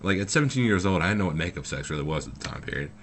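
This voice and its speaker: A man's voice: low-pitched, sing-song, rapid-fire, slight background noise. A young man telling a story from his own life in a loose, rambling way, full of fillers and swearing. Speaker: vlogger. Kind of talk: casual storytelling.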